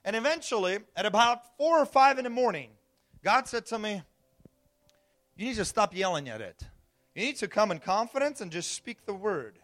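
Male pastor, high bright voice, storytelling sermon that dips to a hush and climbs to shouts. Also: sing-song, moderate pace, faint music behind. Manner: storytelling, swings from hushed to shouting.

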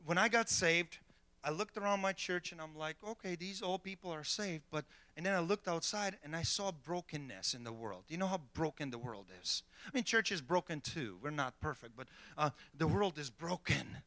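A middle-aged pastor preaches with emphatic, rising delivery, punctuating points with "okay?" and "amen." His voice sits high for a man and has a sharp, bright edge. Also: animated, normal speed, dry recording. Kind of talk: sermon.

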